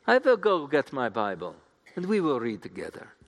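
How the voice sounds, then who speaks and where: A man's voice: medium pitch, wildly swooping pitch, normal speed. A man voicing a friendly older German woman with a put-on German accent, eager and earnest, in a church hall with long reverb.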